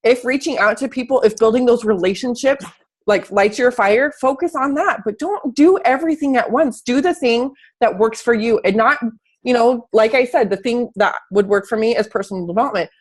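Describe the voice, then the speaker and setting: A woman's voice: on the high side, normal speed. Motivational woman host, emphatic and blunt, heard over a video call. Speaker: host of a coaching live video. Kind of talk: casual live-stream chat.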